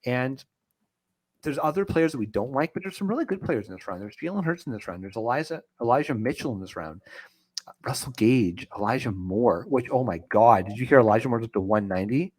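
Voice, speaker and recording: A chatty man from Canada co-hosting a fantasy football podcast. He speaks at an everyday middle pitch. His tone is relaxed and joking, and he pokes fun at himself. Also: a little fast. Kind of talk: casual sports podcast banter.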